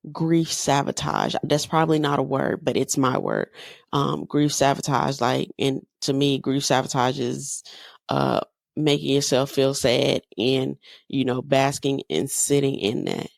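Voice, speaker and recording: A woman's voice: a bass voice, creaky, no room sound, clean studio sound. A woman in her thirties hosting a podcast, talking candidly in a loose, conversational way with lots of fillers. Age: 30s. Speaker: podcast host. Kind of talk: personal monologue.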